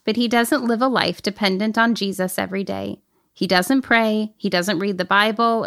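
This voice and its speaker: A woman's voice: medium pitch, a bit bright. A woman co-hosting a Christian parenting talk, affirming her partner and reading out listener questions. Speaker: podcast co-host.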